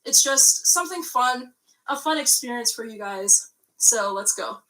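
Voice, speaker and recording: A woman's voice: sits high, expressive, measured pace, bright, forceful tone. A young woman talking casually as a YouTuber, rambling with many fillers and restarts into a computer mic. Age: young adult. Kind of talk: casual chat.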